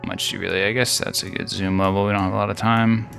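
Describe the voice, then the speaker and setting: Brief: deep, bright-toned male host, rambling jokey game commentary, faint music underneath. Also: level tone, fast, vocal fry. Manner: rambling, jokey, thinks out loud. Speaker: gaming video host.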